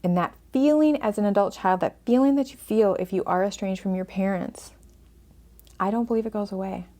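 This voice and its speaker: An earnest woman hosts a podcast, speaking as a family counselor and working through a case story with her listeners. Her voice sits at an ordinary, mid-range pitch, and she turns soft and hushed when the story gets sad. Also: fairly quick.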